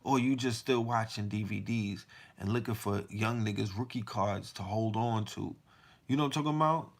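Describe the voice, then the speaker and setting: A man with a low, gravelly voice holds forth in a heated, casual monologue. He fires off one rhetorical question after another and swears freely as he presses his point. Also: normal speed. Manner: emphatic and profane, firing rhetorical questions. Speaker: podcast host.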